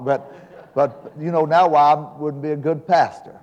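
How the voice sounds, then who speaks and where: A man's voice: on the high side, steady tone, normal speed, darkish tone, highs cut off. A man in his seventies, an evangelist preaching a sermon in a church, telling folksy jokes before building to fervent preaching. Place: church sanctuary. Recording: long hall reverb.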